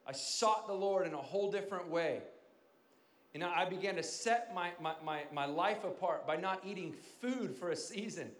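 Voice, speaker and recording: High-voiced pastor guy preaching, goes loud then real quiet, echoey church sound. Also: moderate pace. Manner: dynamic preaching, swinging from loud emphasis to quiet near-whispers. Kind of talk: sermon.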